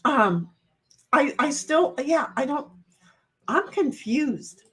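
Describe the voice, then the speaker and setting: A woman's voice: high-pitched, lively intonation, slow. A woman hosting a livestream alone, chatting casually with her viewers, reading out their comments and rambling in a playful, self-deprecating, confused way.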